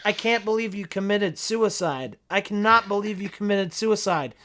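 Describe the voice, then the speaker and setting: A podcaster doing a flat, deadpan movie hero. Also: mid-range voice, normal speed, a little hiss or hum, natural voice. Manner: monotone deadpan delivery.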